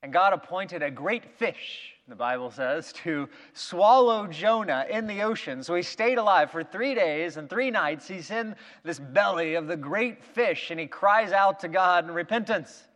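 With a high-pitched voice and lively energy, a male preacher retells a Bible story, acting out the quoted lines. He speaks a little slowly with few pauses, while a long reverb from a large hall lingers on his words.

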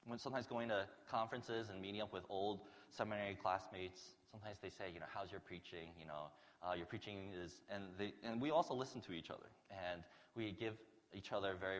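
A man's voice: sits low, big-room sound. A man preaching a sermon to his congregation in an earnest, conversational way. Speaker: pastor.

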